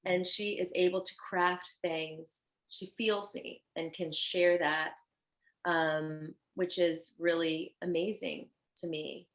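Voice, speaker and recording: A woman's voice: lowish voice, takes it slowly, poor audio. A woman guest on a podcast interview, a fashion designer speaking in an earnest, effusive way. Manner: earnest and effusive, animated when telling stories.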